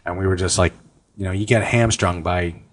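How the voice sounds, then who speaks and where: A man's voice: deep voice, steady tone, a little fast. A middle-aged man, a podcast co-host, telling a long personal story in a rambling, casual way with some swearing. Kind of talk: casual chat.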